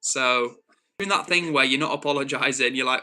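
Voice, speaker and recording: A young man with a Northwest English accent hosting a live stream, reading chat and calmly, earnestly lecturing a troll with many restarts. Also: medium pitch, fairly quick. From Northwest England. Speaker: livestream host.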